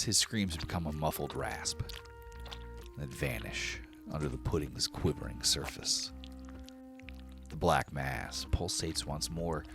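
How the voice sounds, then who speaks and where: A man narrating a tabletop game as game master in a dramatic, measured way. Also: rumbling low, creaky.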